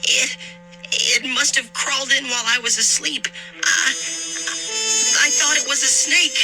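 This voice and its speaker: A man's voice: very high voice, steady tone, slow pace, voice pushed up, poor audio. A man voicing a terrified young boy camper who wails, screams and stammers. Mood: frightened. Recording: narration over loud music.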